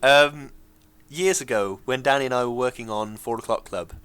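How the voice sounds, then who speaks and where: A man's voice: medium pitch, normal speed, a bit bright, smooth, dry recording. A young man co-hosting a podcast, telling stories with wry, dry humor in casual chat. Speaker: podcast co-host.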